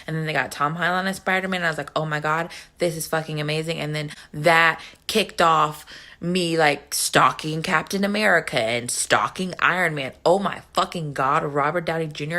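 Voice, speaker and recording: A young woman ranting casually and profanely to the camera about movies, gushing and excitable. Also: low-pitched, moderate pace. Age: young adult. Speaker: vlogger reviewing a movie.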